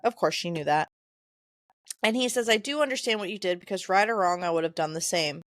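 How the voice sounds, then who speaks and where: A woman's voice: on the low side, fairly quick, dry recording, clean studio sound. A woman co-hosting a podcast, casually summarizing a novel and reading its dialogue aloud, stumbling over names. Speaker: podcast co-host. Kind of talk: casual book discussion, reading passages aloud.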